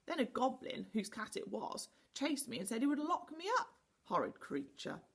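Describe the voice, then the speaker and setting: A woman's voice: very animated, normal speed, slightly rough, exaggerated voice. A woman putting on a whiny, tearful little girl. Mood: complaining. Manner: high, tearful and complaining. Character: sulky, whiny little girl prone to crying.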